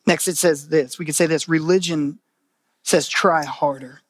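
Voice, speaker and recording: At a moderate pace, a man with a fairly high voice and fairly even intonation delivers a sermon as pastor in a dry recording. His style is earnest and conversational, using repetition for emphasis and alternating loud bursts with quiet, hushed passages.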